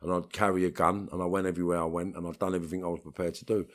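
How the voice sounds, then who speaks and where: A man's voice: sits low, little pitch movement, very fast. A middle-aged man with a London accent, telling blunt streetwise stories as an interview guest. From England. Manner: blunt streetwise storytelling, swearing, acts out voices in quotes. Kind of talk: storytelling in an interview.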